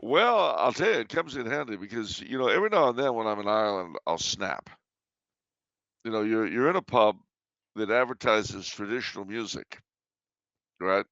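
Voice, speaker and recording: A man's voice: fairly low pitch, expressive, normal speed, fairly bright tone, dry recording, lo-fi sound. A man chatting casually, spinning stories with chuckles and a playful edge. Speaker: regular guest answering questions. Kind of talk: casual chat.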